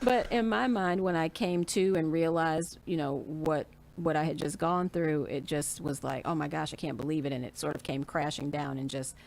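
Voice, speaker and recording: A woman's voice: sits low, normal speed, few pauses, background noise. A woman in her forties chatting candidly as an interview guest, telling her story and acting out what people said to her. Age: 40s. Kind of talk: casual interview chat.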